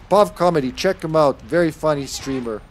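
A man's voice: a little high, slight background noise. Joking, crude male game streamer. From Midwest US. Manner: joking, crude, laughs often. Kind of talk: casual gaming stream chat.

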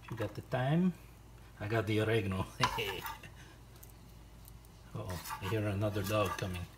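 A man's voice: lowish voice, normal speed. A man hosting a home cooking video, chatting casually to himself and his dog as he works. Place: home kitchen. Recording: loud kitchen noise throughout. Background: chopping, clinking dishes and cutlery.

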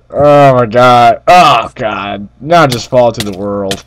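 A young man casually chatting and laughing while playing a co-op game, exclaiming loudly at every mishap. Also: medium pitch, takes it slowly, a little hiss or hum. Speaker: Minecraft co-op player. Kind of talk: casual gameplay chat.

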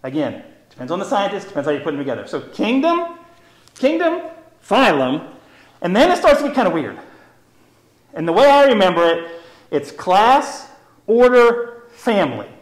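Man, zoo educator, high voice, very lively pitch, chatty, upbeat, echoey room. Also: normal speed, long pauses. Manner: chatty, upbeat, explains with memory tricks. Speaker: zoo educator, program host. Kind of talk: live educational stream, casual teaching.

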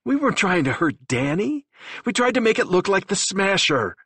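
A desperate young man pleads in a strained, high, cracking voice, rasp in his throat, as a deep-voiced audiobook narrator acts him out. The reading is close and dry. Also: very animated, moderate pace, fairly bright tone, no room sound, exaggerated voice. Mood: desperate pleading. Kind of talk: audiobook character voice.

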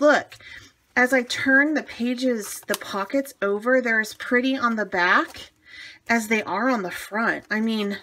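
A woman of medium pitch walks through a planner setup in a casual tutorial. She gushes with enthusiasm over her crafts, talking chattily with plenty of fillers and self-restarts. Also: a bit bright. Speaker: planner hobbyist presenting a tutorial. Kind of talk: casual show-and-tell tutorial.

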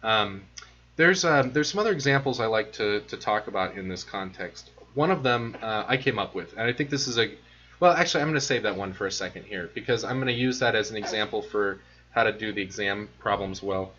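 A man lecturing in a relaxed, conversational way, explaining ideas with many ums and restarts. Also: fairly low pitch, fairly quick, lo-fi sound. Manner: conversational, filler-heavy explaining. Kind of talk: recorded lecture.

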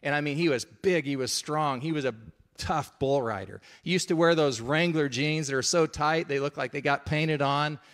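A man's voice: a little high, moderate pace, a bit bright. A middle-aged man preaching a sermon, telling a story in a conversational way and checking in with his listeners.

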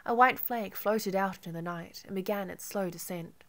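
A woman narrating an audiobook in an intimate, measured first-person reading. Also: mid-range voice.

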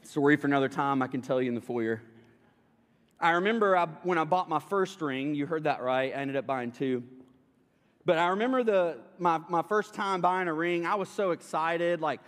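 A man's voice: on the high side, moderate pace, fairly bright tone. A young man preaching a sermon, telling a humorous personal story to the congregation in a casual, chatty way. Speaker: pastor. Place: church sanctuary. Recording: long reverb of a church hall.

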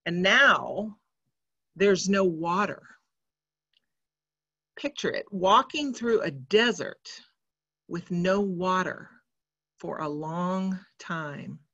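A woman preacher giving a sermon in a church, speaking in a measured, reflective way. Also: on the low side, bright, forceful tone, dull audio.

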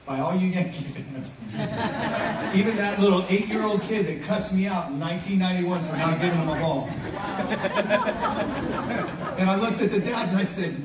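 A man's voice: sits high, moderate pace, long pauses, over a noisy crowd. A middle-aged man giving a casual, joking sermon as a guest speaker, chatty and self-interrupting. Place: church venue. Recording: echoey hall from far off, faint noise.

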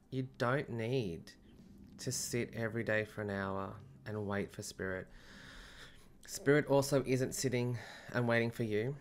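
A man's voice: medium pitch, slight background noise. A man telling a personal story in a casual, chatty podcast monologue, often breaking into laughter. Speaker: medium and podcast host.

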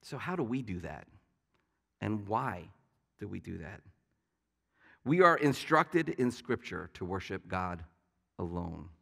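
A man's voice: fairly low pitch, sing-song, slow, vocal fry, long pauses, bright, forceful tone, in a large hall. A man preaching a sermon as pastor, telling stories in a conversational way with light asides. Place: church sanctuary.

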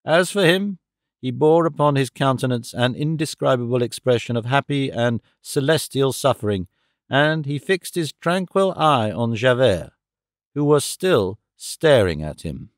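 A man reading a classic novel aloud as audiobook narrator, in a measured, steady way. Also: mid-range voice, no room sound, clean studio sound. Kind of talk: scripted narration.

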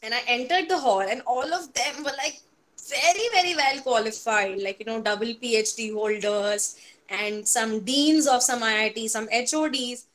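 Earnest Indian woman giving a motivational talk, high pitched. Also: moderate pace, fairly bright tone. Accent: Indian English. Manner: earnest, storytelling, mixing in Hindi. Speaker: speaker on mind management.

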